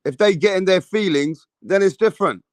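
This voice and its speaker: A man's voice: sits high, fairly quick, no echo, clean studio sound. A man with an English accent hosting a casual boxing live stream, joking with viewers and swearing freely. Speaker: boxing channel host.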